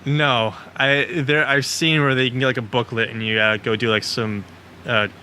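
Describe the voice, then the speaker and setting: A man's voice: mid-range voice, steady tone, moderate pace, pushed and bright, a little hiss or hum. A man co-hosting a podcast, explaining things earnestly and at length in casual banter. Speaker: podcast co-host.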